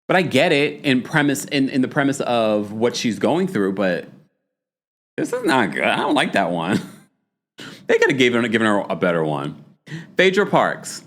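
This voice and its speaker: A man hosting a reality TV recap stream, chatty and laughing, reading chat comments and acting out taglines. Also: medium pitch. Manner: animated, laughing, reads chat comments aloud; puts on a dramatic voice to read taglines. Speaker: host.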